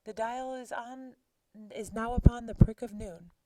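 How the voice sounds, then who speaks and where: A woman voicing Mercutio, a cocky teenage boy, with loud mocking jabs in a slightly raised voice. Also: a little high, measured pace, lightly acted, low-quality recording.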